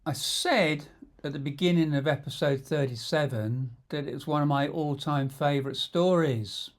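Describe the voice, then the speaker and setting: A middle-aged man telling stories from his own life in an unhurried, conversational way. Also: on the high side. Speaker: storyteller and coach. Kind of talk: memoir storytelling.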